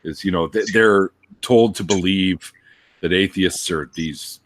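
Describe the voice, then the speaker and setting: A man's voice: deep voice, measured pace, dry recording. A man hosting a casual conversation, laid-back and loose, swearing and laughing often. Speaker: host.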